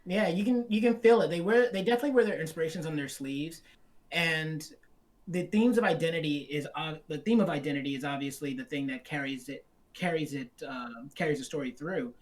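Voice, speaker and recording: A man's voice: a little high, fairly quick. A man co-hosting a live film discussion stream, laying out ideas at length while he is losing his voice. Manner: thoughtful, explains ideas at length. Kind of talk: casual live-stream chat.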